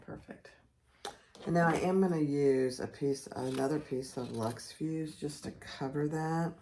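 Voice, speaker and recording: A woman with a low voice talks her way through a sewing project, slow and unhurried. She chats and laughs at her own setup as she works. The recording carries clear background noise from her sewing room. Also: mellow. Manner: chatty, self-deprecating, talks while working. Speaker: sewing pattern tutor. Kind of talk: casual sewing tutorial.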